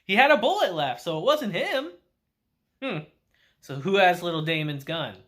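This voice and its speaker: A man's voice: high voice, normal speed. A man reviewing an anime, casually recapping the episode and acting out the characters' quotes. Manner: animated storytelling with acted-out quotes.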